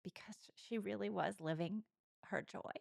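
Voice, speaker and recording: A woman's voice: medium pitch, moderate pace, creaky, dry recording, studio quality. A woman co-hosting a podcast, speaking openly and reflectively in an intimate conversation. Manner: open, reflective, candid. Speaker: podcast co-host.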